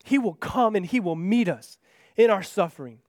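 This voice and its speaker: A man preaching a sermon in an earnest manner, rising to impassioned pleas and then dropping soft and low. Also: expressive, moderate pace, dry recording, clean studio sound.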